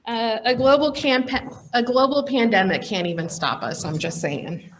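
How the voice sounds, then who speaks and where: A woman's voice: a little high, moderate pace, slight background noise. A woman, the outgoing president, giving an emotional farewell speech at an awards program, a little choked up and laughing through it.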